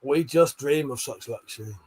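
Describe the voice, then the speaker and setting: A man's voice: mid-range voice, moderate pace, darkish tone, slightly rough. A man hosting a casual late-night livestream, reading out chat messages with lots of swearing, laughter and joking banter.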